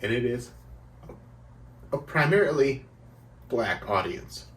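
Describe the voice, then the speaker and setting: A man's voice: medium pitch, expressive, fairly bright tone. A man co-hosting a comedy podcast, joking and teasing his friends in casual chat. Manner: joking, teasing, quick bursts of laughter. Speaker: podcast co-host. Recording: roomy sound, mic at a distance.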